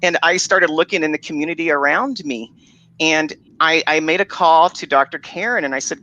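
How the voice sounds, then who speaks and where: Bright-voiced man telling an animated story. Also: fairly high pitch, moderate pace, highs cut off. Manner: animated storytelling, self-interrupting. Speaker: co-author guest. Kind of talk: casual chat.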